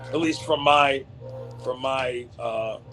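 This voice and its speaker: A man's voice: mid-range voice, slow pace, fairly bright tone, faint music behind. A man co-hosting a live stream who talks bluntly and swears freely in casual chat.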